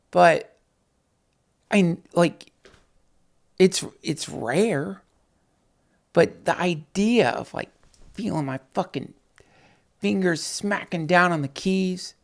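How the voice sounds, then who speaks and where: A man hosting a casual night livestream, rambling, swearing and talking excitedly to his viewers. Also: on the high side, gravelly. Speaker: podcast host on a night livestream.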